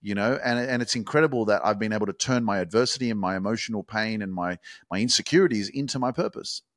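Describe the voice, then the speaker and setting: A man hosting his own motivational podcast, talking intensely and swearing, sometimes building up to shouted hype. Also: lowish voice, fast, no room sound, clean studio sound. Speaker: podcast host. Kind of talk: motivational monologue.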